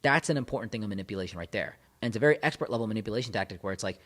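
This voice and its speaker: A man's voice: on the low side, lively intonation, rapid-fire, hardly any pauses, fairly bright tone. Emphatic male relationship coach. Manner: emphatic, repetitive, builds in intensity. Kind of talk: direct-to-camera advice talk.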